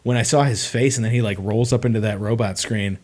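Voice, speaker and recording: A young man chatting casually on a livestream, rambling and excitable, with lots of filler words. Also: fairly low pitch, fast. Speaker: streamer.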